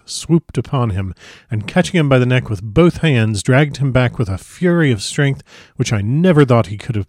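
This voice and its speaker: A man narrating a classic novel as an audiobook, with a measured, expressive reading. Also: medium pitch, dry recording, clean studio sound.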